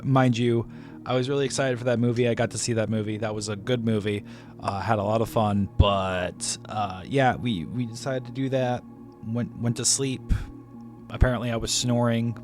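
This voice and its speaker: A man's voice: mid-range voice, darkish tone. A man casually telling a story about his day at the movies, rambling with frequent restarts and self-corrections, laughing at himself. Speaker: movie reviewer.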